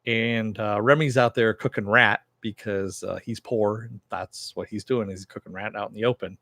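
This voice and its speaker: A man's voice: lowish voice, steady tone, moderate pace, fairly bright tone, no echo. A man hosting a casual TV episode recap and review, talking loosely with lots of fillers and jokey asides.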